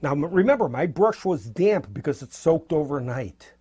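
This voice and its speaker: Male art instructor, slightly higher pitch, husky tone; relaxed, encouraging demo delivery. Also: normal speed. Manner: encouraging, loose and spontaneous, fires things in. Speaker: painting instructor. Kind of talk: casual painting demonstration.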